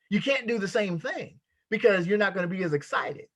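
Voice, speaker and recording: A man's voice: sits high, fairly quick, a bit bright. A man giving a motivational sales training talk, emphatic and repetitive, with a preacher-like cadence. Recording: dull lo-fi sound.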